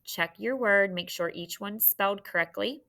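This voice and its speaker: A woman teaching a recorded phonics lesson to children, encouraging and clearly sounding out syllables. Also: mid-range voice, moderate pace, bright, forceful tone.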